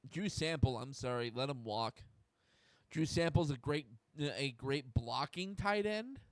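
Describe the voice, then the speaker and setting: A man's voice: medium pitch, lively intonation, moderate pace, vocal fry, no echo. A young man from the United States hosting a solo sports talk stream, getting fired up, swearing and restarting his sentences. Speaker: host.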